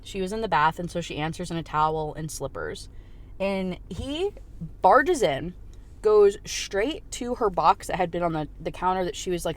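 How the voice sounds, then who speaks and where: A young woman giving a casual rant review, recapping a plot with quick voiced quotes and frequent swearing. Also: lowish voice. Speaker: book reviewer.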